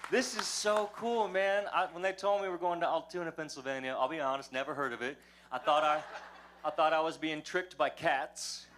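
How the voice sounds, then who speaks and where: A man's voice: fairly high pitch, steady tone, moderate pace, crowd noise, noisy background. A man from West Texas with a Texan accent, a folksy, joking storyteller speaking on a live fan convention panel. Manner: folksy, jokey, drawling storyteller.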